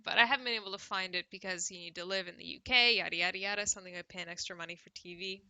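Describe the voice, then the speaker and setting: A woman's voice: lowish voice, fairly even intonation, very fast, sharp tone, no room sound, rough recording. A woman from Canada with a Canadian accent, hosting a casual livestream and reading news with sarcastic asides. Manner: sarcastic, laughs often, drinks cider on stream. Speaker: livestream host.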